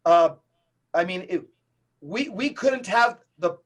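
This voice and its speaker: A man who is a Catholic evangelist, a guest on a podcast interview, talking in an emphatic, preacher-like, rapid-fire way. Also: sits high, lively intonation.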